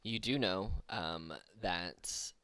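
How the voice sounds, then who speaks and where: A man narrating as the game master of a tabletop game, unhurried and hesitant, with many pauses and fillers. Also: low-pitched, fairly bright tone, clean tone, no room sound.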